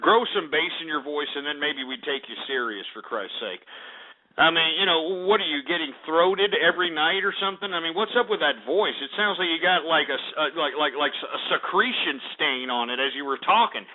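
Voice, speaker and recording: A man's voice: fairly high pitch, animated, fairly quick. A man hosting a call-in radio show, abrasive and profane, ranting at callers over tinny phone-like audio.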